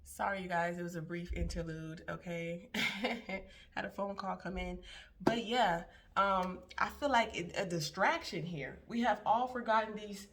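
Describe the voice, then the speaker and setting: A woman's voice: medium pitch, measured pace, a bit bright. A woman hosting a casual stream, chatty and slangy, talking straight to her viewers. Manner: chatty, slangy, addresses "you guys". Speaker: tarot reader and host.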